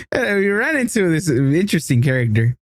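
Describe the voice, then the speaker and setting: A man co-hosting a casual podcast, telling a story with lots of laughter and acted-out quotes in a higher voice. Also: no echo, clean studio sound. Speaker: podcast co-host.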